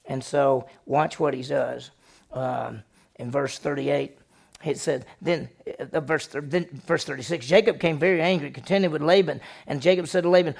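A male pastor, preaching a sermon and retelling a story with animated delivery, acting out the characters' lines. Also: a little high, normal speed, gravelly.

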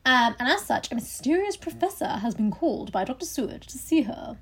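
High-voiced woman podcast co-host. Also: sing-song, brisk, breathy edge. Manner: swearing, laughing banter. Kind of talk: casual chat.

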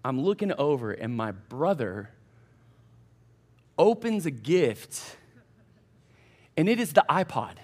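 A man preaching to college students in a church, his voice sitting high for a man. He tells stories in a loose, chatty way and speaks right to the listeners. It sounds like a relaxed sermon. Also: takes it slowly, long pauses, slightly rough. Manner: chatty, animated anecdotes addressing the crowd directly. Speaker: college pastor. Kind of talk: casual storytelling sermon.

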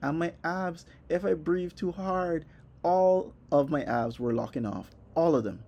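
Young guy ranting about a brutal workout, cussing, super animated, warm mellow voice. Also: fairly high pitch, a little slow, muffled recording. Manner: animated and profane, acting out reactions. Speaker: vlogger. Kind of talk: comedic personal storytelling.

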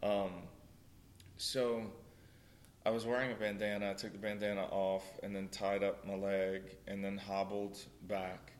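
A man's voice: fairly low pitch, slight background noise. A young man from Louisiana telling a story in casual conversation, full of fillers and bursts of laughter.

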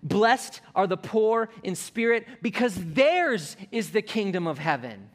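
A high-pitched man delivering a sermon from the pulpit. He reads scripture and hymn lines slowly and softly, then lifts his voice as he builds toward a climax. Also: very animated. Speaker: pastor.

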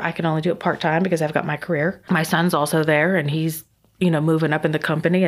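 A middle-aged woman sharing a personal faith testimony in a chatty, emotional way, laughing often. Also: deep voice.

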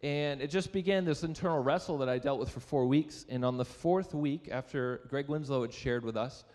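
A young adult pastor preaches a sermon in a church sanctuary, sharing a personal story conversationally, poking fun at himself and posing questions to the audience. His mid-range voice moves at normal speed with a darkish tone, and the space sounds big.

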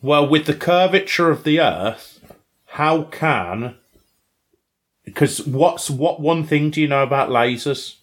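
A man's voice: fairly high pitch, lively intonation, slow pace. A young man co-hosting a podcast, chatting casually and teasing, often ending with tag questions. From Britain. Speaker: podcast co-host. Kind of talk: casual banter.

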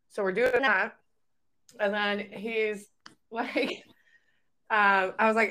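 A woman's voice: medium pitch, flat delivery, measured pace, a bit bright. Frank Canadian woman telling stories. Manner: frank, profane storytelling. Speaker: podcast co-host. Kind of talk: casual chat.

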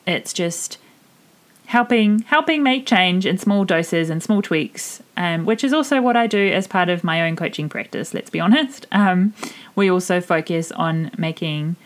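A woman's voice: lowish voice, animated, a little slow. A woman in her thirties from Germany with a New Zealand accent, hosting her own podcast in a candid, chatty monologue full of fillers. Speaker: podcast host and mindset coach. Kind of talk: casual solo podcast monologue.

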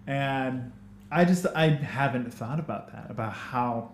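A man from the United States with an American accent, hosting a casual conversation, chatty and animated in telling stories. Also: medium pitch, a little slow, roomy sound, slight background noise. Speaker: host. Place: upstairs kitchen of a hostel.

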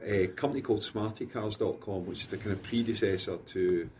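Middle-aged Glaswegian man, low-pitched, animated anecdote teller, faint noise. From Scotland. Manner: animated anecdotes, quick laughs. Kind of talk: casual podcast chat, storytelling.

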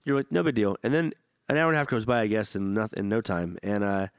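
A man's voice: on the low side, animated, quick pace, clean tone, no room sound. A young man co-hosting a podcast, telling rambling, profane stories in casual chat. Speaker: podcast co-host.

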